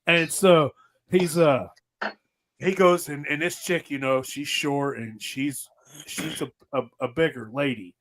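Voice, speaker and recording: A slightly high-voiced man with a drawl, swearing freely as he rambles through stories in a casual podcast chat. He laughs easily and keeps circling back to the punchline. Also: takes it slowly, fairly bright tone. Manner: profane, rambling, laughing storyteller. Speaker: podcast host.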